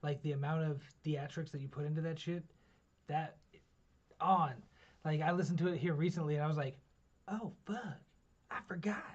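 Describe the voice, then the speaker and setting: A man's voice: on the high side, little pitch movement, brisk. A man hosting a casual podcast, telling loose profane stories and laughing a lot. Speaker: podcast host. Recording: lo-fi audio with faint noise.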